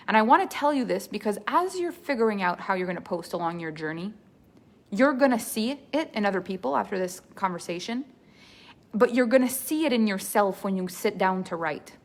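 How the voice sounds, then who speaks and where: A woman business coach giving an earnest masterclass talk, repeating key points for emphasis. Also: mid-range voice.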